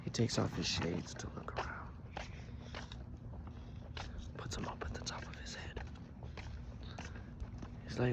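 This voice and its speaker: A man telling an improvised story in a casual way, swinging between loud bursts and near-whispers. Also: on the low side, a little slow, vocal fry, long pauses. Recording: noisy background.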